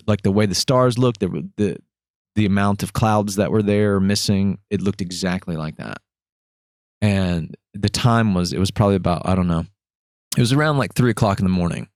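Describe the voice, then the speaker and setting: A man hosting a podcast, telling a story in a casual, animated way, acting out voices and swearing freely. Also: sits low, no room sound, clean studio sound. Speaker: podcast host.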